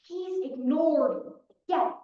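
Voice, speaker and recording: Speaking slowly in a high-pitched voice, a young woman acts as defense attorney in a mock trial and delivers a dramatic opening statement, telling the story in short, punchy sentences. The recording is dull and echoey, captured from far off in a hall.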